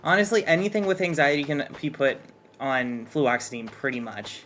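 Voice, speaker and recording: A man's voice: fairly high pitch, fairly even intonation, moderate pace, fairly bright tone, a little hiss or hum. A man chatting casually at home, rambling and unsure, often restarting his sentences. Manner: rambling, hesitant, nervous restarts. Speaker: streamer's partner and guest artist. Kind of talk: casual chat.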